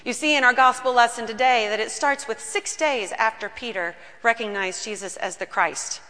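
A woman pastor preaching a sermon in a church, telling the story earnestly and slowing down on key words. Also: a little high, bright, forceful tone. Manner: earnest storytelling, slows down for emphasis. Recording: long reverb of a large room.

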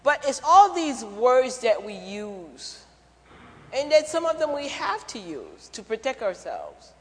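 A man's voice: very high-pitched, wildly swooping pitch, takes it slowly, fairly bright tone. A man preaching a sermon in a church, conversational and jokey, asking the congregation questions. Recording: church hall reverb.

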